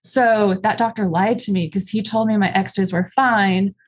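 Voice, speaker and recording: A woman's voice: mid-range voice, steady tone, measured pace. A woman guest in an interview, candidly and plainly recounting a personal experience, with frequent ums. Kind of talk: personal storytelling.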